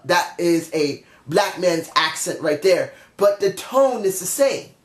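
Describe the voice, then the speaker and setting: A man's voice: sits high, roomy sound. A man giving a casual, opinionated review monologue, chatty and often correcting himself mid-sentence. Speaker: wrestling show reviewer.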